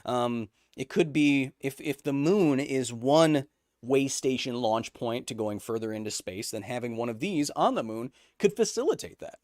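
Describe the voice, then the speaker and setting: A man in his thirties hosting a casual live-stream podcast, answering chat questions with quick jokes and lots of ums. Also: medium pitch, no room sound, clean studio sound. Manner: animated and jokey, with many ums and playful outbursts.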